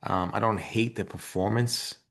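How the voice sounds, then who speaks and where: A deep-voiced man giving his opinions on a film with friends. He circles back and repeats himself and leans hard on his points. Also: fairly even intonation, normal speed, creaky, a bit bright. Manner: rambling, repeats words, emphatic. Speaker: podcast co-host. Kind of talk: casual movie chat.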